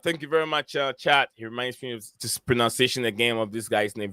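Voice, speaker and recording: A man's voice: mid-range voice, moderate pace, a bit bright, smooth, no echo. A man hosting a casual live stream, hesitant with many fillers, reading out names from the chat. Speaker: host.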